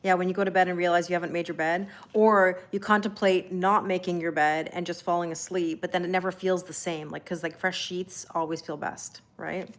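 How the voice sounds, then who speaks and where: This tarot reader's livestream features a lowish, steady voice that moves briskly with few pauses. She keeps things casual, chatting and laughing with her audience and reading their comments aloud in a reassuring way.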